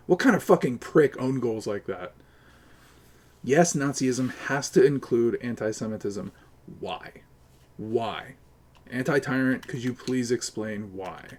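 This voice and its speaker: A man's voice: mid-range voice, darkish tone. Profane, combative male streamer ranting. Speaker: live streamer. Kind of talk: live gaming stream commentary.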